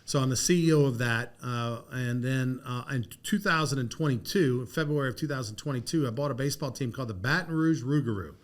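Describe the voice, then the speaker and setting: A middle-aged man from Louisiana, a podcast guest telling stories in a lively, casual way. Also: medium pitch, a little fast, few pauses. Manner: lively anecdotal, laughs through his stories. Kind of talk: casual storytelling interview.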